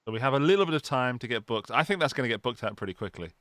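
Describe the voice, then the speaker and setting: Smooth-voiced chatty man, dry close mic. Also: mid-range voice, animated, very fast, fairly bright tone, no echo. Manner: chatty, enthusiastic. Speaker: podcast co-host. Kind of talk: casual chat. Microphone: studio podcast mic.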